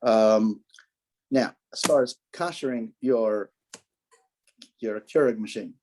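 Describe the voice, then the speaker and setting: A man's voice: on the low side, takes it slowly, darkish tone, a little hiss or hum. A man, a rabbi, giving an informal talk on kosher rules, rambling with dry jokes and often repeating himself.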